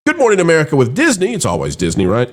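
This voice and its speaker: A man's voice: wildly swooping pitch, racing. A middle-aged man hosting an opinionated commentary show, talking in a sarcastic, mocking way. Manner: dramatic swings between high and low voice.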